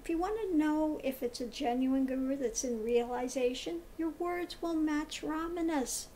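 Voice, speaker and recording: A woman's voice: high voice, normal speed, mellow, slight background noise. A woman giving a spiritual commentary monologue, emphatic and scornful, who repeats her points and asks "okay?" often. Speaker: tarot reader and spiritual commentator.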